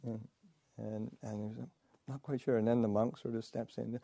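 A Buddhist monk, a man, telling a teaching story in a halting way, full of fillers and restarts, with soft chuckles. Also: medium pitch, flat delivery, vocal fry, dry recording. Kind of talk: storytelling dharma talk.

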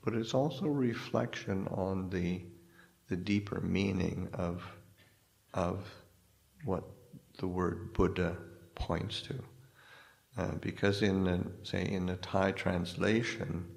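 A man, a Buddhist monk, giving a dharma talk in a halting way, often restarting and searching for words. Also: sits low, steady tone, vocal fry, darkish tone. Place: hall in a spiritual society.

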